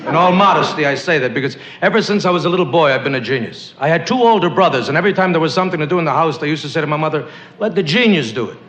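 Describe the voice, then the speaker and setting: A man from the US East doing a stand-up routine on a TV stage, delivering jokes deadpan with quick asides. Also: a little high. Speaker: stand-up comedian. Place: TV studio stage. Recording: muffled old TV audio, echoey studio, loud audience. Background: laughing studio audience.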